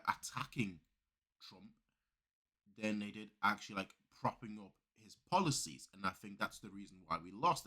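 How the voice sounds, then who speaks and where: A man hosting a reaction video, talking in a casual, excitable, rambling way with lots of restarts. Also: on the low side, husky.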